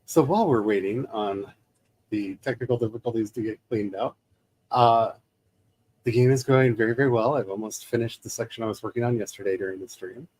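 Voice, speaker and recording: A man's voice: medium pitch, a little fast, darkish tone, breathy edge. Upbeat chatty male stream host. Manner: chatty, upbeat, laughs easily. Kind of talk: casual chat. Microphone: streaming mic.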